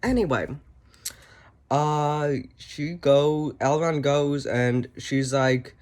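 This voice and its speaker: A man's voice: on the high side, very slow. A man giving a casual spoken review, rambling with many ums and a mocking, sarcastic edge. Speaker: reviewer and author.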